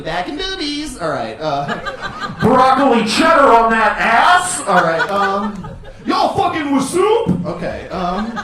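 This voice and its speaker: A man doing a stand-up set with crowd work on a club stage, talking loosely and breaking into shouted voices. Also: a little high. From USA. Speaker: stand-up comedian. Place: comedy club stage with live audience. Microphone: handheld stage microphone. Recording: roomy club sound, mic at a distance, audience laughter.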